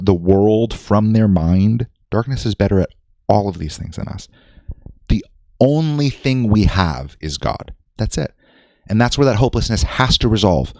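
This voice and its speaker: Blunt, swearing man with a lively voice. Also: lowish voice, no echo, clean studio sound. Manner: blunt, profane, emphatic, self-mocking. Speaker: podcast co-host. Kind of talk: casual live-stream conversation.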